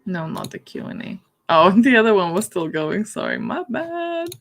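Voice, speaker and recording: A woman's voice: medium pitch, very animated, moderate pace, creaky, fairly bright tone. A woman chatting casually on a livestream, giggling often as she talks. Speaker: book streamer.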